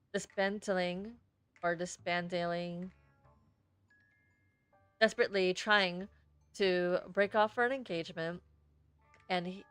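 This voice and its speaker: A woman's voice: fairly low pitch, fairly bright tone, clean tone, no echo. A young woman streamer reading a story game aloud with chatty, self-deprecating asides.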